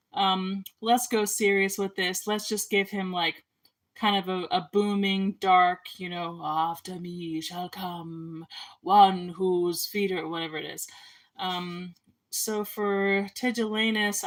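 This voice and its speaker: A woman's voice: medium pitch, a bit bright, low-quality recording. A young woman, an amateur filmmaker and artist, chatting casually about making her film. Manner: rambling, chatty, lots of ums and likes. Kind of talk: casual chat.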